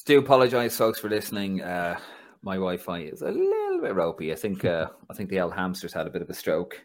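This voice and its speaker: A man with a Dublin Irish accent hosting a casual football podcast, telling stories with laughter and a chatty, animated manner. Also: deep voice, a little fast. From Ireland. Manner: chatty storyteller, laughs through anecdotes. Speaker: podcast host.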